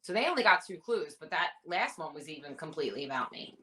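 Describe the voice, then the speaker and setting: A woman in her thirties, a reality show contestant, telling stories in a casual interview with animated, rambling detail. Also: deep voice, fast talker, poor audio. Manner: animated, rambling anecdotes with many fillers.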